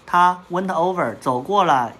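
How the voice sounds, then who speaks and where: Woman tutor, slow patient storybook read-along, lowish voice, faint room noise. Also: animated, fairly bright tone. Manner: slow, patient, models each word for repetition. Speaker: parent or tutor reading a picture book with a child. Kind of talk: bilingual storybook reading lesson, call and repeat.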